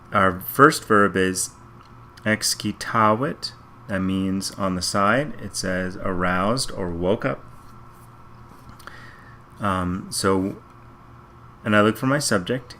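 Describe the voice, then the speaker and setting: A man with a fairly low, pushed, bright voice teaches Latin over slight background noise. Sentence by sentence, he talks through his reasoning in a methodical, slow translation of a reading passage.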